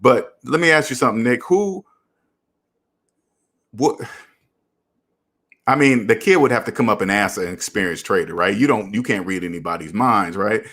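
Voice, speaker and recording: A man's voice: on the low side, normal speed, long pauses. A man hosting a casual live stream, reading viewer comments and lecturing earnestly about debt. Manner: earnest, preachy, animated. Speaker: channel host.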